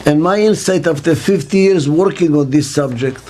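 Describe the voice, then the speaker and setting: A man's voice: on the high side, moderate pace, dark tone. An older man working as a business consultant, answering interview questions in short, emphatic sentences and asking rhetorical questions. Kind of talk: interview answer, speaking to camera.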